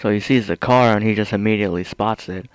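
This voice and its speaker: A man's voice: fairly low pitch, fast talker, smooth, dry recording. A man giving blunt, sarcastic commentary over a video, swearing freely. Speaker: reaction video host.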